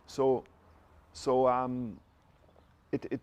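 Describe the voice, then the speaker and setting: A man's voice: medium pitch, level tone, extremely slow, a little mellow, smooth. An Irish man, an interview guest, telling stories in a casual chat and acting out the dialogue he quotes. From Ireland. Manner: anecdotal, acts out quoted dialogue. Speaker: interview guest, company director.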